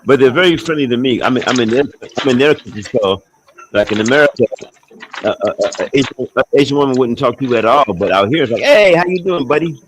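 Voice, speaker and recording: A man's voice: mid-range voice, fast talker, slight background noise, poor audio. A man chatting casually as an expat, blunt and profane, rambling with many restarts. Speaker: expat talking on a livestream call. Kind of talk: casual chat. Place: abroad, with faint outdoor sounds behind.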